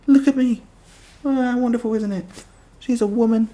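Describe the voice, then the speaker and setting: A man putting on a high, mocking voice for a smug, self-praising woman politician. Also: fairly even intonation, moderate pace, mellow. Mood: mock gushing. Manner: sarcastic mockery, high put-on voice.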